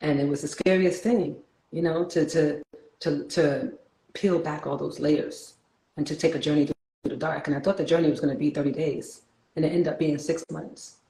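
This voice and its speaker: A woman's voice: deep voice, steady tone, moderate pace, mellow, roomy sound, poor audio. A woman from New York with a New York accent hosting a casual spiritual talk, playful, laughing often and turning reflective.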